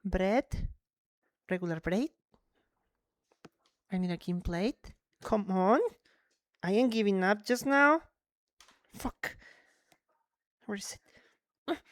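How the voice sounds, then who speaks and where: A woman streaming live, chatting casually and excitably with viewers while playing, slipping between English and Spanish. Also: mid-range voice, slow, pauses often, no echo.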